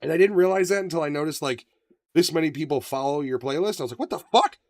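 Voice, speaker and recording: A man co-hosting a podcast, chatting casually, profane and animated, often acting out voices. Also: fairly high pitch, quick pace, no room sound, studio quality. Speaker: podcast co-host. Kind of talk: casual banter.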